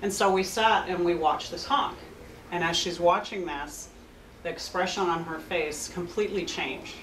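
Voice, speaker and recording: A woman counselor giving an anecdotal talk to an audience, telling a lively story and acting out both sides of a conversation. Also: lowish voice, moderate pace, slight background noise. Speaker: clinical director and counselor. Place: open house event, indoor room. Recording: roomy sound picked up from a distance.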